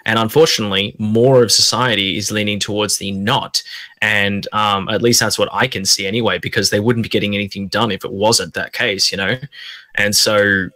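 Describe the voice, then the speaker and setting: A man with a lowish voice and a bright, forceful edge, ranting through a casual panel discussion. He swears freely and keeps circling back over his own sentences. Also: steady tone, moderate pace. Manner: ranting, profane, repetitive restarts. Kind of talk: casual online panel chat.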